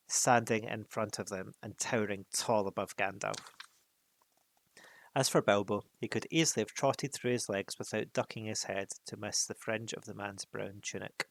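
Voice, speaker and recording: A man reads a chapter book aloud at an unhurried pace, with a gravelly texture in his mid-range voice. The sound is close and dry, with no room around it. He drops in casual asides between passages. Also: lowish voice, steady tone, no echo. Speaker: reader. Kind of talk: reading a novel aloud.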